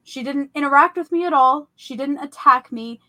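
A young woman hosting a podcast, telling about a vivid dream in a casual, animated way full of "like" and fillers. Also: high voice, normal speed, no echo. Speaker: podcast host. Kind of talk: casual storytelling.

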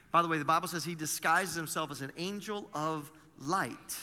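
A man's voice: fairly high pitch, fairly quick, hardly any pauses, bright, forceful tone. A male pastor preaching a sermon in a conversational way, full of rhetorical questions to the congregation. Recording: long reverb of a large hall.

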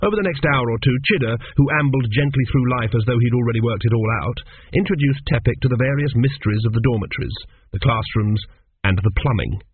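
A man narrating a comic storybook with a measured, wry, unhurried delivery. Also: mid-range voice, a little hiss or hum. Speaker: audiobook narrator. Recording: tinny phone-like sound.

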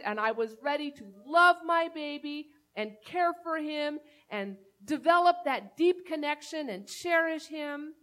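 A woman's voice: high-pitched, lively intonation, a little slow, few pauses, sharp tone. A woman pastor preaching a sermon, telling a personal story in a conversational, earnest way.

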